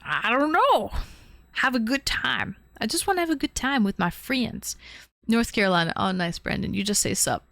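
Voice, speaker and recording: A woman's voice: on the high side, lively intonation, normal speed, creaky, fairly bright tone, dry recording, clean studio sound. A young woman from the Toronto area, live-streaming and chatting casually, thanking viewers by name with plenty of fillers. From Canada, Toronto area.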